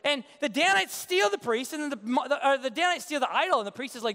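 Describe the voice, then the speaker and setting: High-voiced joking male preacher. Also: quick pace, fairly bright tone, long reverb tail. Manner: conversational, joking, acts out quotes. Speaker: pastor. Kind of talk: sermon.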